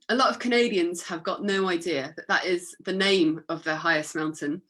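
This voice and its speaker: A woman's voice: fairly low pitch, fairly bright tone. A woman giving an illustrated talk with slides, chatty and upbeat, with fillers. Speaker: guest speaker.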